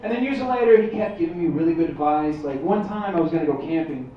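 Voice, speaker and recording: A man from Texas performing a stand-up comedy set at a pub, talking to the crowd with quick asides. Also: a little high. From Texas, USA. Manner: animated, conversational, frequent asides to the crowd. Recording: echoey distant muffled pub recording, crowd.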